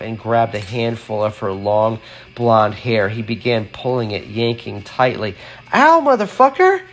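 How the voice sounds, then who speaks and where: A man reads a horror story aloud in a plain, mid-pitched voice. Now and then he breaks off into easy, unpolished asides full of fillers. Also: fairly bright tone. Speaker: reader.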